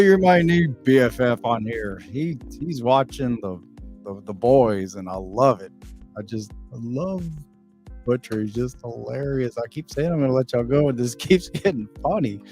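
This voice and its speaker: A middle-aged man, hoarse and losing his voice. He chats casually on a livestream and reads viewer comments, rambling, swearing freely, and stumbling over repeated words. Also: medium pitch, moderate pace, darkish tone, faint music behind. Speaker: livestream host.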